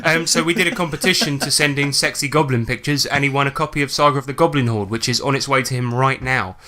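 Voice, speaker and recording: Bright-voiced man hosting casually. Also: mid-range voice, quick pace. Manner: joking, rambling with fillers. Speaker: podcast host. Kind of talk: casual podcast chat.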